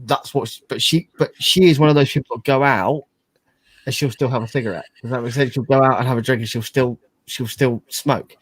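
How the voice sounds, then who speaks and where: A man's voice: medium pitch, steady tone, a little fast, breathy edge, no echo. A man on a casual podcast panel who rambles, restarts his words and swears as he talks. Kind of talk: casual banter.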